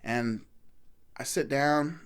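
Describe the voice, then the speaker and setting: A man telling a story in a casual interview, animated and swearing freely as he acts out what people said. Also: mid-range voice, very slow, clean tone. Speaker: guest musician.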